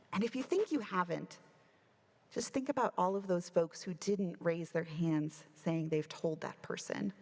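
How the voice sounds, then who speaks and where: A woman minister giving a sermon, telling a story with animated delivery and acting out the voices she quotes. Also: fairly low pitch, creaky. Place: church sanctuary. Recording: long church reverb.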